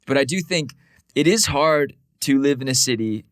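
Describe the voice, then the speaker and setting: A man co-hosting a podcast, telling stories in a casual, animated way, with quick asides and lots of "like". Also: mid-range voice, dry recording, studio quality. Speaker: podcast co-host.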